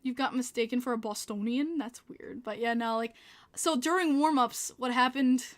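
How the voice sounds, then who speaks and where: A woman's voice: fairly high pitch, moderate pace. A woman with a Long Island New York accent, hosting a casual livestream podcast and chatting with viewers, laughing often. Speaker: podcast host reading live chat.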